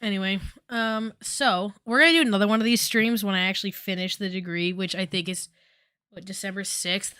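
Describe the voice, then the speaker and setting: A woman's voice: mid-range voice, steady tone, brisk, sharp tone, smooth, no echo, clean studio sound. A woman in her twenties chatting casually on a stream while reacting to clips, exclaiming often and trailing off with fillers.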